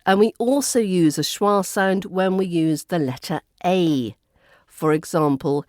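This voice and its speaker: A woman with a Southern English accent teaching pronunciation on a podcast, repeating example words slowly and clearly. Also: fairly low pitch, a little mellow, no room sound, studio quality. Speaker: accent coach. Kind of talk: podcast lesson.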